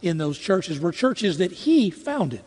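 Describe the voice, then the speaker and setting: A man with a high, light voice preaches with earnest feeling, repeating phrases as he drives his point home. His words ring out with a long reverb, as if spoken in a large hall. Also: sing-song, slow, a little mellow, slightly rough. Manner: earnest, rising to impassioned emphasis, with repetitions. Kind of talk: sermon.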